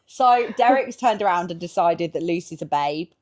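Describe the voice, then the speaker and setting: A woman's voice: fairly low pitch, lively intonation, moderate pace. A woman co-hosting a podcast in casual chat, teasing and pushing her friend with questions. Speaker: podcast co-host.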